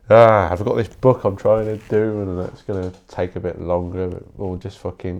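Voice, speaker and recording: A man's voice: on the low side, steady tone, normal speed, vocal fry, hardly any pauses, a little mellow, dull audio. A young man hosting a podcast, rambling bluntly in a casual solo monologue and swearing often. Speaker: podcast host.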